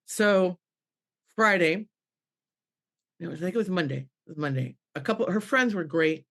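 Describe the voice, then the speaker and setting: With a lowish, fairly bright voice, lively intonation and a moderate pace, a middle-aged medium on a panel podcast shares a moving personal story. She restarts sentences, performs the voices she quotes, and laughs through her tears.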